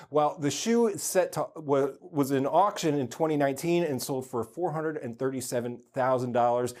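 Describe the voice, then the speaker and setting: A man hosting an entertainment news segment, reading quick items and adding deadpan, punny asides. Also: a little high. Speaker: host. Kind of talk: news segment with corny jokes.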